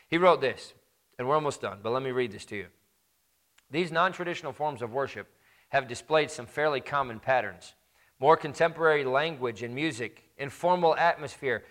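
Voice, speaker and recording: Male pastor, sermon, mid-range voice, emphatic peaks, quiet drops, slows on key points. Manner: rises to loud emphatic peaks, then drops low and quiet.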